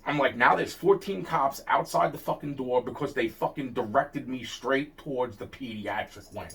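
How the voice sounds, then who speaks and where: A man's voice: medium pitch, normal speed, a bit bright. Heated, profane man ranting. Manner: heated, profane, repeats himself and restarts often. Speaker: interviewee telling a personal story. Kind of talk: casual storytelling rant. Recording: distant mic.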